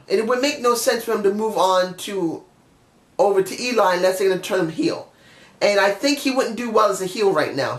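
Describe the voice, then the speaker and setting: A man's voice: sits high, fairly bright tone, echoey room. A man giving a casual, opinionated review monologue, chatty and often correcting himself mid-sentence. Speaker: wrestling show reviewer.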